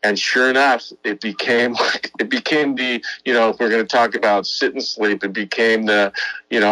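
A middle-aged man tells a story in a casual interview, lively and acting out what others said, restarting his sentences often. His voice is low but bright and forceful. The recording is close and dry. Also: normal speed, no room sound, poor audio. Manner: animated, acts out quotes, frequent restarts. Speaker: advertising executive guest.

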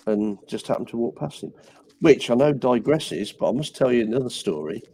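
A man's voice: medium pitch, animated, fairly quick, dark tone, breathy edge, poor audio. A man, calling in to a radio show and telling a rambling, hesitant story. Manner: rambling, hesitant, repeats himself. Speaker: radio caller. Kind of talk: casual chat.

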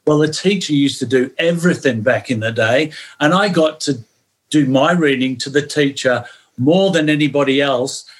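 An older man with an English accent, talking as a guest on a podcast. He tells stories in a relaxed, chatty way, often dropping in a quick "yeah" between thoughts. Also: on the high side. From England. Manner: storytelling, chatty, peppers talk with "yeah". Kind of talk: podcast interview.

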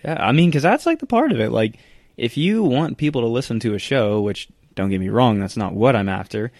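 A man's voice: mid-range voice, lively intonation, brisk, a little mellow, no echo, studio quality. A young man co-hosting a casual podcast, joking, rambling and fond of puns. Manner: joking, pun-loving, rambling. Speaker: podcast co-host.

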